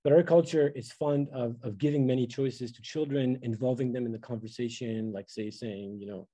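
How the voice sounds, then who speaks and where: A man's voice: medium pitch, fairly even intonation, normal speed, dark tone, poor audio. A middle-aged man giving an academic lecture, thoughtful and full of fillers and restarts.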